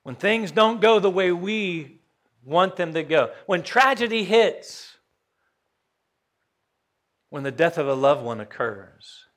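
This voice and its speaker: A man preaching a sermon as pastor, folksy, questioning his congregation and rising to loud emphasis. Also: high voice, lively intonation, slow pace, pauses often.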